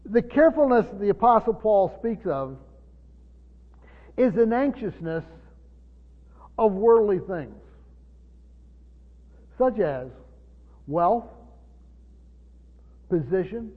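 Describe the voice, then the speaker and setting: A man preaching a Bible study sermon, often pausing, repeating words and asking his listeners questions. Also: high voice, expressive. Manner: halting, repeats words, asks the room questions. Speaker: pastor. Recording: tinny phone-like sound in a reverberant hall.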